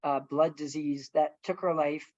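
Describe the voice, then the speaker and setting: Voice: medium pitch, level tone, unhurried, a little mellow, dry recording, lo-fi sound. A filmmaker telling a long story over a video call, earnest and rambling, with many fillers and restarts. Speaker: filmmaker guest.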